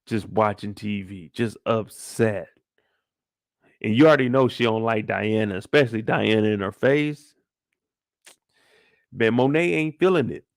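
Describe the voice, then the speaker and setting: Man for a casual show recap: gravelly, animated delivery, salty, lots of rhetorical questions. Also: lowish voice, unhurried, long pauses, no echo, clean studio sound.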